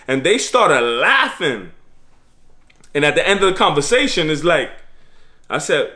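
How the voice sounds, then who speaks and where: Man vlogger, preachy street-slang advice, voice pitched a bit high. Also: expressive, normal speed, pushed and bright. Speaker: vlogger giving life advice. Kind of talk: casual motivational monologue.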